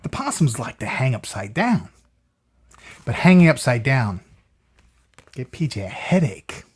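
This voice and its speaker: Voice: medium pitch, sing-song, unhurried, breathy edge. A storyteller reading a picture book aloud to a child, often stopping for chatty asides and questions to the listener.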